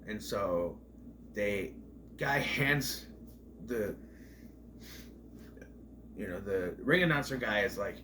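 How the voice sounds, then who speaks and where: A man's voice: on the low side, animated, slow, long pauses, sharp tone, a little hiss or hum. Rambling man reviewing a movie.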